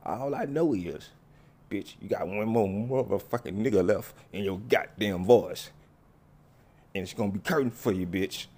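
A man's voice: on the low side, normal speed, warm tone, voice pushed down. A man voicing a hot-tempered, menacing tough guy who swears and threatens in a comedy skit. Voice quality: gravelly, profane. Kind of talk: comedy skit with character voices.

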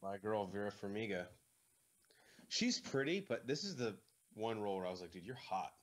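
A man's voice: lowish voice, sing-song, moderate pace. A man hosting a casual movie commentary, joking and offhand, with lots of fillers.

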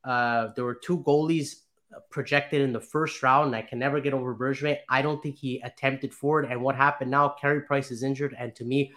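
A man's voice: medium pitch, bright, forceful tone. A man on a sports podcast chatting casually, hesitant and rambling with many restarts. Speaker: podcast panelist.

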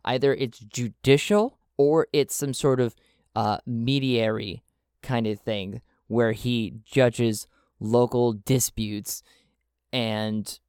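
A man's voice: mid-range voice, steady tone, slow pace, a little mellow, clean tone, dry recording, studio quality. A man narrating a solo tabletop role-playing game, thinking aloud as he checks his rolls and charts. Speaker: solo game master and player.

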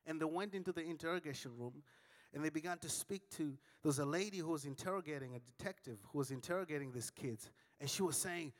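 Man, preacher, high voice, sermon, dramatic storytelling, shouts and hushes, call-and-response. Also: a little fast, big-room sound. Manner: dramatic storytelling with big swings between shouting and hushed tones; acts out dialogue with audience call-and-response.

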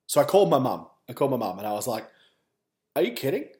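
A man's voice: medium pitch, expressive, very fast, darkish tone. A man with an Australian accent, a podcast host telling a personal story in a candid, wry way with wandering asides.

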